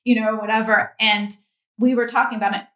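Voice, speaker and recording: A woman's voice: fairly high pitch, steady tone, brisk, a bit bright. A middle-aged woman guest telling a personal family story in an earnest, candid way, with many fillers. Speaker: podcast guest, mother. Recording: roomy, dull-sounding audio.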